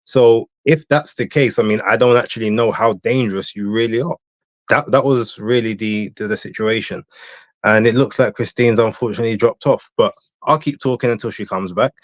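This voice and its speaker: A man's voice: on the low side, moderate pace, dry recording. A man appearing as a guest on a casual live-stream chat, giving blunt, opinionated takes in a self-assured way. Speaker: guest boxing commentator. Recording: dull, dry lo-fi audio.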